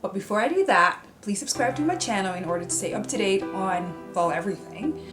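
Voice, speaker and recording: A young woman vlogger telling a personal story in a chatty, animated way, with many fillers. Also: medium pitch, brisk, over music. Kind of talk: casual storytelling. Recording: roomy echo.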